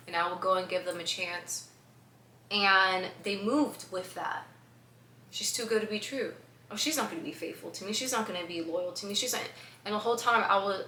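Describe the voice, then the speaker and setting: Chatty woman vlogger, bright and echoey. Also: medium pitch. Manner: chatty, laughs often, filler-heavy. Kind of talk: casual storytelling to camera. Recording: echoey room with faint background hum.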